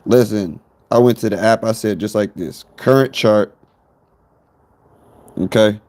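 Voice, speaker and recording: A man's voice: lowish voice, a little slow, darkish tone. A man telling a rambling, profane story to viewers on his phone stream.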